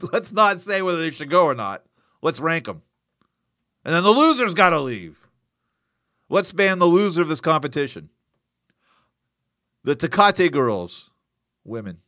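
A man's voice: a little high, dry recording, clean studio sound. A man hosting a live boxing news show, chatting casually, joking and answering viewer comments. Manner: animated, joking, reacting to live chat. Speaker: host.

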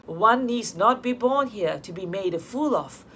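A woman's voice: medium pitch, expressive, measured pace, fairly bright tone, a little hiss or hum. A woman voicing a stern traditional mother. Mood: bitter.

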